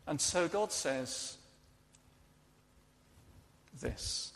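A man preaching a sermon, telling the story earnestly and often dropping soft and quiet. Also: a little high, moderate pace, in a large hall.

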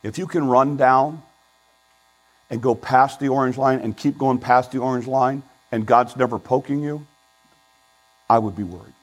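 Husky older male pastor preaching earnestly. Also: mid-range voice, moderate pace, pauses often, rough recording. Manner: earnest, pleading, swings between loud and hushed. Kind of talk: sermon.

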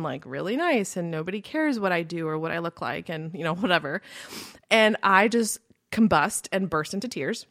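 A woman's voice: mid-range voice, a bit bright, no echo. Podcast host, woman, casual storyteller, filler-heavy chatter, dry close-mic sound. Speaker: entrepreneur.

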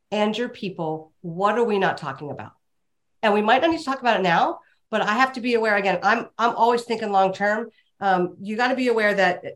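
A middle-aged woman, a leadership coach, giving advice in a reflective and emphatic way. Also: medium pitch.

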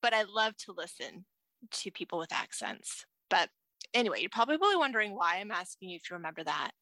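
Bright chatty woman podcast host. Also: medium pitch, sing-song, a little fast, dry recording. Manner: chatty, frequent fillers and restarts. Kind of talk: casual chat.

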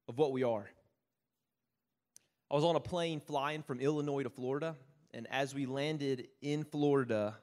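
A man's voice: on the high side, in a large hall. A man preaching a sermon, mixing self-mocking stories with Bible reading and often asking "right?". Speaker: pastor.

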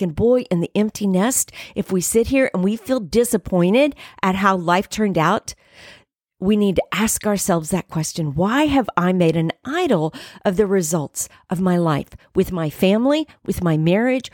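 An earnest middle-aged woman hosts a faith podcast, telling her own story in a close, personal way. Her voice sits at an ordinary pitch and sounds dry and close to the mic, with no room around it. Now and then she drops into a soft whisper. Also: no room sound. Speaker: podcast host.

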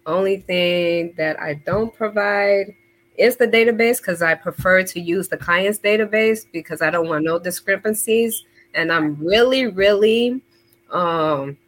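A woman guest who runs a legal support business, explaining her services deliberately with frequent "um" pauses. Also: mid-range voice, a bit bright. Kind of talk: casual interview answers.

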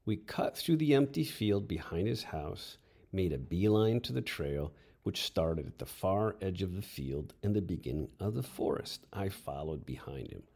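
A man's voice: low-pitched, lively intonation, moderate pace, creaky, a little mellow. A man telling a first-person story with wry, crude humor.

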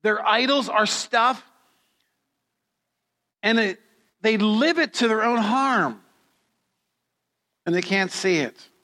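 Slow-preaching pastor, bright voice, reverberant hall. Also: male voice, sits high, expressive. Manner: slow, deliberate preaching with dramatic storytelling. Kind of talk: sermon.

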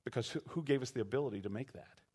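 A man's voice: medium pitch, very fast, a little mellow, husky. A man preaching a sermon, acting out quoted voices and asking the congregation to respond. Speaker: pastor.

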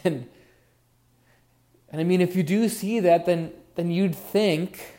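A man's voice: sits high, slow, long pauses, mellow. A man preaching a sermon as pastor, earnest and musing, leaning on words for emphasis. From Oregon.

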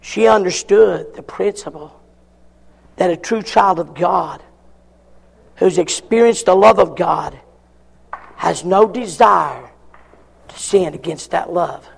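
A man's voice: sits high, takes it slowly, creaky, long pauses, husky, in a large hall. A man preaching a fervent sermon in a church, calling for amens between points. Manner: fervent preaching with frequent call-and-response amens.

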